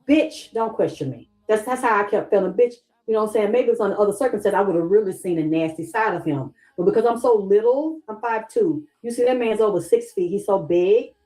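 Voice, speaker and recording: A woman's voice: medium pitch, fast talker, few pauses, dark tone, poor audio. A middle-aged woman talking straight to her viewers in a heated, profane livestream rant, acting out what others said to her.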